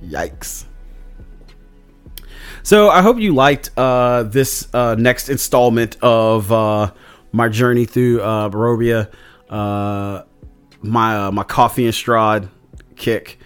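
A man's voice: mid-range voice, takes it slowly, pauses often, smooth, soft background music. A man casually recapping his tabletop game session as a podcast host, rambling with lots of fillers. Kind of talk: casual chat.

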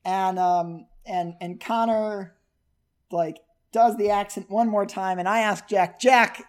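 A man co-hosts a podcast in relaxed, casual chat. He spins a story with a teasing edge, pausing on fillers as he goes. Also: sits high. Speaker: podcast co-host.

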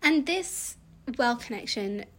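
A woman co-hosting a casual history podcast, telling the story with enthusiasm and answering quickly. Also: on the high side, animated, a bit bright. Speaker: podcast co-host.

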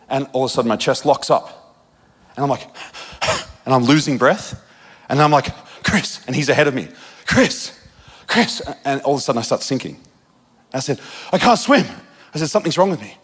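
A man from Australia with a husky, medium-pitched voice and Australian accent delivers a sermon. His personal anecdote comes with rapid asides and self-directed laughter.

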